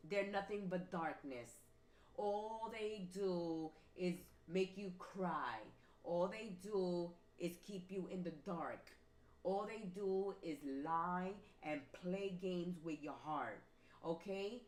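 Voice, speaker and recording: Emphatic woman giving a slow tarot reading. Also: lowish voice, a little mellow. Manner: emphatic, repetitive, preachy. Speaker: tarot reader. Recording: roomy with faint ambient noise.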